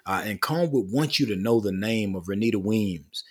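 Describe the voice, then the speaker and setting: A man's voice: fairly low pitch, animated, moderate pace, darkish tone, slightly rough. A man speaking as a guest author in a casual interview, earnest, building long lists with rising emphasis.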